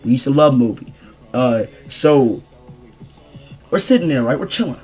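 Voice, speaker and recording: A young man rambling through a casual storytime vlog in slangy, animated speech. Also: medium pitch, normal speed, slightly rough, faint music behind. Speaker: streamer telling a story.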